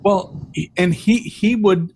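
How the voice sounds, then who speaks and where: A man with a somewhat high voice co-hosting a casual podcast chat. He stumbles over his words, repeats himself and swears offhandedly, like talking with friends. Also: slow, dark tone. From lived in Massachusetts, Virginia and upstate New York. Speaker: podcast co-host.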